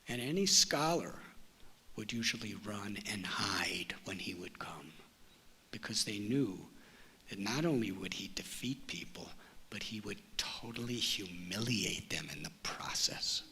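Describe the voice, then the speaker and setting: A man giving a spiritual talk, telling a story in a slow, measured way. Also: on the low side, expressive, sharp tone, slightly rough. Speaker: spiritual teacher.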